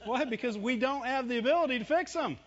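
A man's voice: very high voice, fast, a bit bright. A man preaching a sermon in a conversational style, asking rhetorical questions and answering them himself. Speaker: pastor. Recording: dull lo-fi recording.

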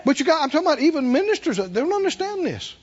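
A male pastor preaching a sermon in an animated way, drawing answers from the congregation. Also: very high-pitched, rapid-fire, highs cut off. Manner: animated preaching with call-and-response.

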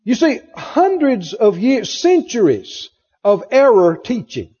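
Speaking slowly in an extremely high, mellow, husky voice, a man delivers a very animated, emphatic sermon, repeating phrases and questioning the congregation. It's captured in a dull lo-fi recording in an echoing hall.

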